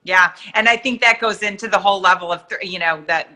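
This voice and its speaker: A woman's voice: medium pitch, brisk, pushed and bright. A woman co-presenting in a casual discussion, hesitant and searching for words. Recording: roomy echo.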